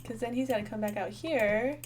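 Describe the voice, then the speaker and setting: Chatting to her viewers while she plays, a young gaming channel host gives bubbly, casual commentary and thinks aloud. She speaks fairly quickly in a fairly high voice with a darkish tone, over slight background noise.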